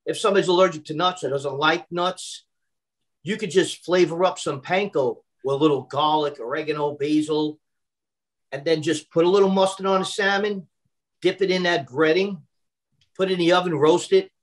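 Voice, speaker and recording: A man's voice: on the high side, steady tone, normal speed, low-quality recording. A man from Brooklyn, a personal chef chatting casually on a video call, full of fillers and restarts. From Brooklyn, New York. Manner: chatty, repeats words when starting, many fillers.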